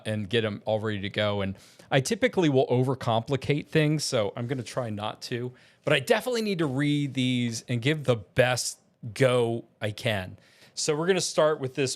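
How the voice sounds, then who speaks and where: A man talking in a casual vlog as an aspiring voice actor, rambling and self-deprecating with many restarts. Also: mid-range voice.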